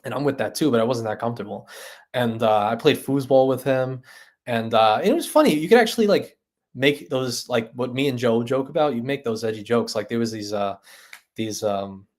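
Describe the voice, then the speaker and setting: Male streamer, rambling, chatty, laughs often, average pitch. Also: normal speed, a little mellow. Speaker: livestream host. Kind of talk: casual livestream chat.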